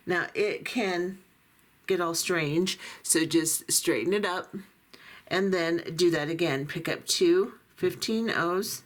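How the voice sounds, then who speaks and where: A middle-aged or older woman giving patient, step-by-step beading instructions while she works with her hands. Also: on the low side. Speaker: beading tutorial host.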